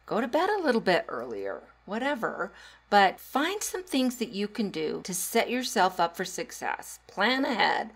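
A middle-aged woman talks through a solo podcast in a chatty, easygoing way. Her voice sits at an ordinary pitch, and laughter often breaks into her lines. She grows animated whenever she acts out a moment. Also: normal speed, husky. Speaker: podcast host and teacher. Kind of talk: casual solo podcast advice.

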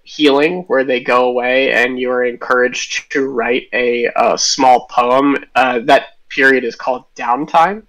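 A man's voice: mid-range voice, a bit bright, rough recording. A man answering interview questions as a game designer, enthusiastic and thinking aloud with tangents.

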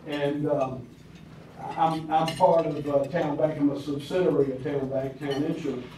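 Speaking at a breakfast event, a county commissioner in his sixties offers a folksy public address in a Southern accent, full of hesitant fillers. His voice is warm and somewhat high, steady in tone, at an ordinary pace. The mic catches him from afar in an echoey hall, with dishes and cutlery clinking and a faint hiss or hum.

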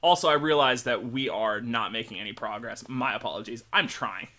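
A man's voice: mid-range voice, a little fast, pushed and bright. A young man playing a horror game and trading crude jokes with his friend, swearing as he reacts. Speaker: gaming co-host. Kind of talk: casual gaming banter.

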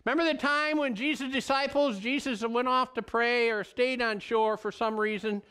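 A middle-aged male pastor preaching a sermon in an earnest, folksy storytelling way with animated asides. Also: very high-pitched, normal speed, clean tone.

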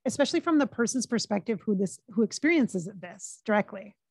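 A woman's voice: mid-range voice, lively intonation, gravelly, darkish tone, husky, no echo. Woman relaying a psychic reading, dry sound. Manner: relays quotes in her own plain voice with frequent pauses and restarts. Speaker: psychic medium. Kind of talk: casual channeling session monologue.

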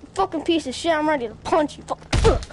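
Loud, high-voiced swearing young woman gamer. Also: expressive, quick pace. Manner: loud, profane, swings into shouting frustration. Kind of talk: casual gameplay commentary.

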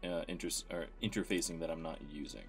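A man's voice: low voice, steady tone, quick pace, faint music behind. A man hosting a let's play, commenting casually and with amusement as he reads dialogue aloud.

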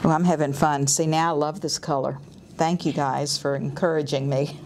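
A woman's voice: low voice, fairly even intonation, normal speed, noisy background. Chatty woman artist painting live. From US South. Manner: chatty, enthusiastic, thinks aloud while painting. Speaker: artist giving a painting demo. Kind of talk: live painting demonstration, casual talk. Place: art studio or gallery room.

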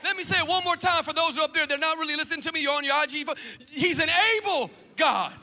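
A man preaching an animated church sermon, with shouted refrains and casual, chatty asides. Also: extremely high pitch, rapid-fire, big-room sound, slight background noise. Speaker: pastor. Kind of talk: energetic sermon.

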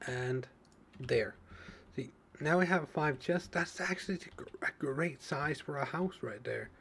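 A man's voice: a little high, unhurried, gravelly, a bit bright, slight background noise. A man casually narrating his own survival gameplay, thinking aloud with many fillers and restarts. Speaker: let's play gamer. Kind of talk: casual game commentary.

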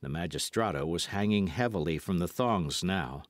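Casting: male audiobook narrator, low voice, lively delivery, dry close sound. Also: moderate pace, dry recording. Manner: lively, dramatic storytelling. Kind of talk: scripted narration.

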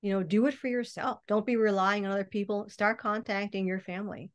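A woman's voice: medium pitch, steady tone, a little fast. A woman speaking as a guest in a casual podcast chat, rambling along with many restarts and hesitations. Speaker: guest mystic. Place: podcast recording, remote or studio.

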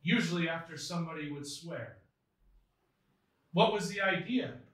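A man's voice: a little high, animated, moderate pace, a bit bright. A man preaching a sermon as pastor, reading scripture aloud with earnest emphasis. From United States. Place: church sanctuary. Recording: echoey church hall from far off.

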